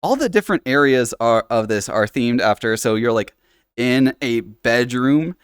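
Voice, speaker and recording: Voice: mid-range voice, animated, normal speed, clear, resonant tone, dry recording, clean studio sound. A live streamer chatting casually while exploring, rambling and self-deprecating.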